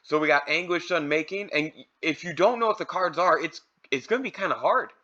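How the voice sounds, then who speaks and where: Bright-voiced man, easygoing card review, slightly dull lo-fi recording. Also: on the high side, brisk. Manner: relaxed, thinking aloud with fillers. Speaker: card collector reviewing products. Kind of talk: casual product review.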